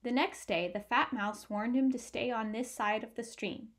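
A woman reading a picture book aloud with clear, expressive storytelling. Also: fairly high pitch, normal speed.

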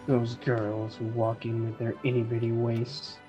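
A man's voice: medium pitch, unhurried. Male sidekick on a stream, dry crude humor, faint music behind. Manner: crude, deadpan joking. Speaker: co-host friend. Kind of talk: casual banter.

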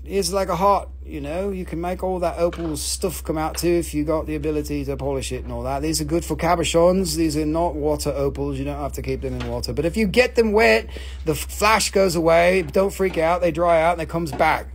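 A woman hosting a live online rock and mineral sale, talking excitably with lots of cursing and quick countdowns. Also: low-pitched, a little hiss or hum. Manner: excitable, profane, rapid countdowns. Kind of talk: live online sales show.

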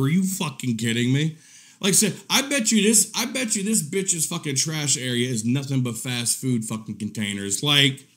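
A man hosting a livestream, ranting profanely and mockingly about an online creator, often breaking into laughter. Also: medium pitch. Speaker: drama commentary streamer.

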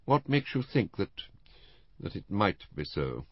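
A man reading an audiobook, voicing a calm, defiant, unemotional older blind woman who runs a spy ring. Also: low-pitched, a little slow, breathy edge, dry recording, muffled recording, voice pushed up, heavily acted. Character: cold, composed blind older woman spymaster. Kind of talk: audiobook character voice.

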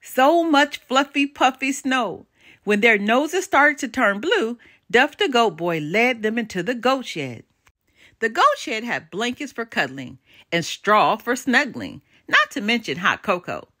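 An older woman reading a children's storybook aloud with expressive, animated storytelling and dramatic pauses. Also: on the high side.

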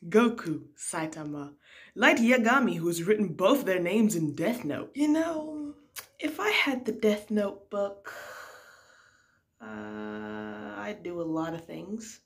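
A woman's voice: mid-range voice, sing-song, slow pace. Young woman in a put-on American accent reading memes with jokey, half-whispered asides. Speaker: channel host.

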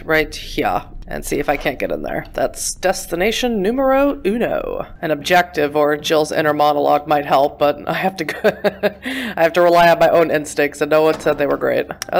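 A woman with a deep, gravelly voice chats casually over her gameplay as a let's play gamer. She pokes fun at herself and talks back to the character on screen.

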